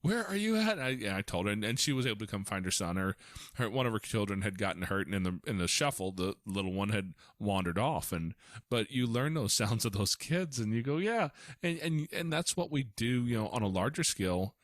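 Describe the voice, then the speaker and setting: A man's voice: on the low side, fairly quick, dry recording, clean studio sound. A man hosting a podcast as a foster parent, telling stories casually with lots of restarts. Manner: storytelling, animated, frequent restarts.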